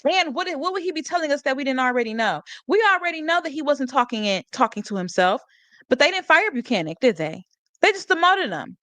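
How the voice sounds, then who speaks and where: A woman's voice: high-pitched, sing-song, a little fast, fairly bright tone, no echo. A woman hosting a live stream, talking about a court case in a casual, sarcastic way, laughing often and reading out chat comments. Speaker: livestream host.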